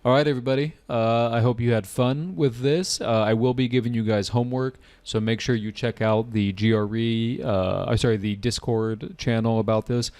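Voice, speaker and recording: An American man teaching an IELTS class online and taking student questions, relaxed and repeating key points. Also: mid-range voice, moderate pace, few pauses. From United States.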